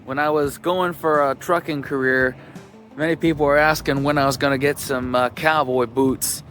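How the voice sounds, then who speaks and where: A man's voice: mid-range voice, steady tone, moderate pace, a bit bright, faint music behind. A man vlogging casually from his car on a road trip, chatty and rambling with lots of fillers. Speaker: travel vlogger. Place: in his car while driving. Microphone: handheld camera in the car.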